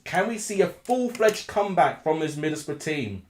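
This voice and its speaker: A man hosting a live football watchalong, excitable and flustered, swinging between ranting and calm analysis over a desk microphone. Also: on the high side, normal speed, hardly any pauses, reverberant. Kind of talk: live match commentary and chat.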